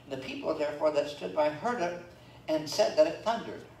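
A man's voice: on the high side, expressive, a little fast, darkish tone. A man preaching a sermon as pastor, reading scripture aloud and adding folksy, joking asides. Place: church sanctuary. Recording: roomy church echo, from far off, faint room noise.

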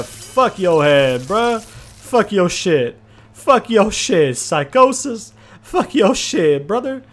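Excitable, profane young man gaming. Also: on the high side. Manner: profane, excitable, trash-talking. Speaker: gaming commentator. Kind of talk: casual let's-play commentary.

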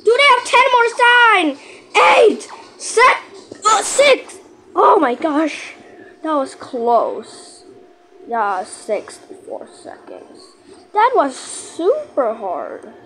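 A woman giving live commentary over her own gameplay, excitable and panicky, repeating herself and shouting countdowns when the clock runs down. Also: very high voice, background noise. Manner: repeats phrases rapidly under pressure. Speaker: gaming channel host.

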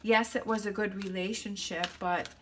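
A woman's voice: mid-range voice, steady tone, moderate pace, fairly bright tone, slight background noise. A woman giving a tarot reading to her viewers, thinking aloud in a reassuring way and often checking in with "okay?". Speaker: tarot reader.

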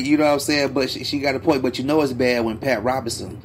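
A man co-hosting a podcast, telling stories in a loose, animated way with plenty of slang and asides. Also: medium pitch, quick pace, hardly any pauses, a little hiss or hum. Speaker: podcast co-host. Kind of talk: casual podcast chat.

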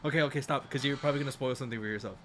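A man co-hosting a reaction video, chatting casually in an animated way, swearing freely and laughing often. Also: medium pitch, very fast. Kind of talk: casual chat. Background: loud rock music from the video.

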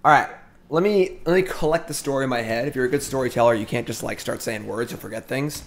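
A fast-talking middle-aged man with a medium-pitched voice spins a rambling story as he plays a card game on stream. He's chatty and keeps interrupting himself to comment on his moves.

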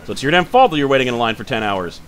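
A man giving casual let's-play commentary, thinking aloud as he checks details, quick to grumble and then apologize. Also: medium pitch, lively intonation, a bit bright, clear, resonant tone. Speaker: gaming channel host.

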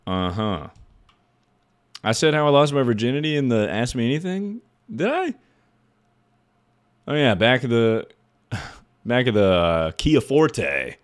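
A man in his twenties with a deep voice, a streamer rambling through stories in casual chat, swearing and laughing at himself. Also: big pitch swings, unhurried, pauses often, smooth. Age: 20s. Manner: rambling, profane storyteller who laughs at his own stories.

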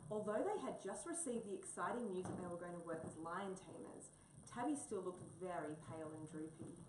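A woman reading a children's story aloud in a steady way, recorded in a roomy space from a distance. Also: on the low side, background noise. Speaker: reader. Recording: roomy, distant mic, faint ambience.

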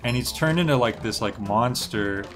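A man's voice: mid-range voice, normal speed, music in the background. A young man chatting casually while streaming a game, rambling with lots of filler words. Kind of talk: relaxed gameplay stream chat.

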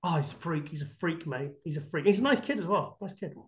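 A man with a high-pitched voice talks in a podcast interview. He rambles through lively anecdotes, restarting sentences and filling gaps with "um" and "you know.". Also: quick pace. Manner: animated, rambling anecdotes with many fillers and restarts. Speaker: bodybuilding guest expert.

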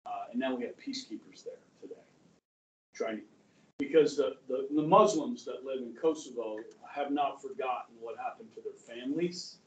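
A man's voice: mid-range voice, normal speed, lo-fi sound, slight background noise. Man lecturing in a roomy classroom. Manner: conversational, asks the class questions, acts out quotes. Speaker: history teacher. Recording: roomy classroom audio from far off.

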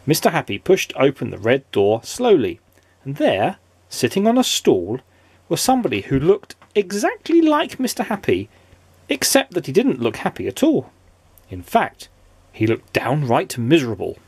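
Husky, sing-song dad reading a story. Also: male voice, mid-range voice, big pitch swings, normal speed, darkish tone, no room sound. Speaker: father reading a storybook aloud.

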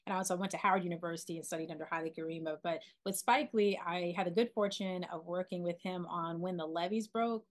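A woman in her forties from Philadelphia, a documentary filmmaker being interviewed, talking in an animated way with many restarts and fillers. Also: fairly low pitch, fast talker, hardly any pauses. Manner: animated, lots of restarts and "you know". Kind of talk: casual interview storytelling.

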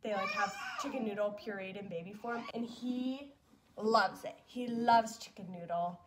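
A woman's voice: medium pitch, normal speed, heavy background noise. A young woman vlogging as a mom, chatting fondly and casually with lots of fillers. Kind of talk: casual chat.

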